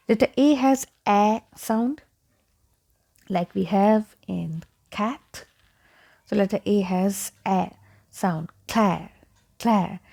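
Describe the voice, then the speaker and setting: Slow, gravelly-voiced woman teaching pronunciation. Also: mid-range voice, warm tone. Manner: slow, repeats each word several times. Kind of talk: pronunciation lesson.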